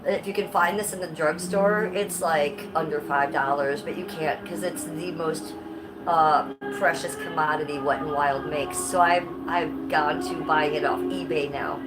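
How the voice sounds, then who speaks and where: A woman's voice: sits low, fairly even intonation, measured pace, rough recording. A middle-aged woman chatting casually on a livestream from her living room, blunt and given to swearing. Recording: music playing clearly behind.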